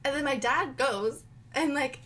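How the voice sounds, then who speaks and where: A young woman co-hosting a casual podcast on a headset mic, telling animated stories full of "like". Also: high-pitched, unhurried, faint music behind. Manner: animated storyteller, heavy filler 'like', bursts of laughter. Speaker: podcast co-host. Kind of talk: casual chat.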